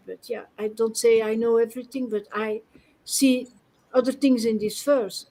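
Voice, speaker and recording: Higher-voiced woman, passionate, quotes people back. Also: normal speed, rough recording. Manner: animated, passionate, mimics others' words. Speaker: guest devotee. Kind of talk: casual spiritual discussion.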